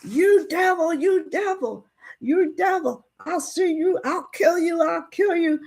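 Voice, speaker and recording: A woman voicing a furious grown father in a spoken storybook, hurling shouted threats as he chokes a man. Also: very high-pitched, slow, voice pushed up, exaggerated voice. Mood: enraged. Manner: shouting threats, choking with rage.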